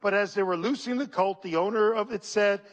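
The recording has a lo-fi sound, capturing a pastor with a high, brisk voice. He preaches a sermon, reading scripture and calling out to the congregation in an animated, preacherly style.

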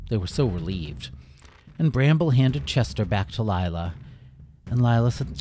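A man reading a children's story aloud, his pitch rising and falling widely. He tells it playfully, adding splashes and bounces with his own voice. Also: very animated, moderate pace, mellow, slight background noise. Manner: playful, with sound effects.

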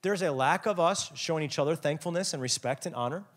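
A young adult man preaching a lively, jokey youth sermon, acting out quotes with big swings in his voice. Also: a little high, quick pace. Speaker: youth pastor.

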